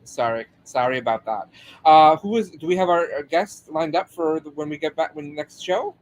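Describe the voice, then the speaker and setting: A man's voice: a little high, normal speed, low-quality recording. A man co-hosting a live show, chatting eagerly and informally, stumbling over words now and then. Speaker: podcast co-host. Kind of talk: casual livestream chat.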